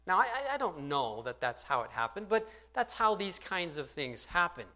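A man's voice: high-pitched, big pitch swings, moderate pace, pushed and bright. A man in his thirties preaching a sermon, earnest and conversational, often asking his listeners rhetorical questions. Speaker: pastor.

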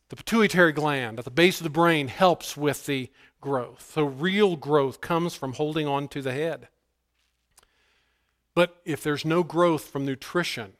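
Male pastor, sermon delivery, slightly high voice, emphatic build-ups. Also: a little slow. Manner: emphatic preaching, swings between hushed asides and raised, higher-pitched declarations.

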